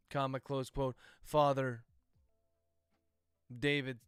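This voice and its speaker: A man's voice: on the high side, moderate pace, a bit bright, smooth, no echo, soft background music. Man, author, dictating a novel aloud, methodical, close dry mic. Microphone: close livestream microphone.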